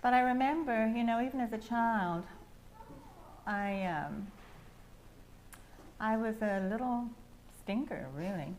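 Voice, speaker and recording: An older woman with an English accent, sharing a meandering personal testimony with soft laughs. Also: on the high side, slow, pauses often, a little hiss or hum. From England. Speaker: testimony speaker at a prayer house.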